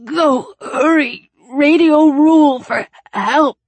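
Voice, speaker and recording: A woman's voice: high voice, takes it slowly, dry recording, pitched above the performer's own voice. A woman voicing a badly wounded young man who gasps and cries out in short, strained bursts. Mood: urgent. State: gasping in pain.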